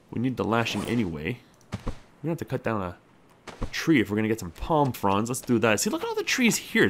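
A young man giving lively let's-play commentary on a survival game, talking to himself and his character. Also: on the low side, slight background noise. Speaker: gameplay commentator.

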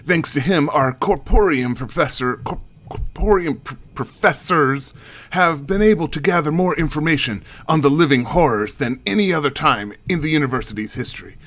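A man voicing a male university guide who shows visitors around in a measured, formal way. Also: a little high, a bit bright.

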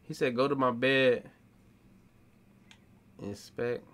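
A man's voice: mid-range voice, steady tone, slow pace, fairly bright tone. A young adult man giving casual gaming commentary, slangy and talking back to the game's characters. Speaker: gaming streamer.

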